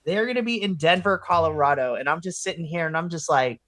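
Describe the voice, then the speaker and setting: A woman co-hosting a podcast in casual chat, excitable and quick to laugh and swear. Her voice is bright and forward, and the sound is dry and close. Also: fairly low pitch, dry recording. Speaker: podcast co-host.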